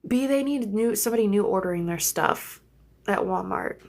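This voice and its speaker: A woman's voice: medium pitch, lively intonation, normal speed, creaky, darkish tone. A young woman hosting a casual phone livestream from home, chatty and rambling, swearing freely. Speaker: livestream host. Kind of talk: casual live chat. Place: home, in bed.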